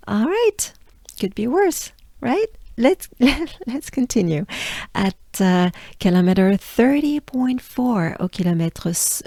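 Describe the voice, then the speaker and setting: Slow, patient French woman teaching. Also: on the high side, animated, mellow, no echo, clean studio sound. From France. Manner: patient, repeats sounds slowly for practice. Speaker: pronunciation teacher. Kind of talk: slow pronunciation lesson.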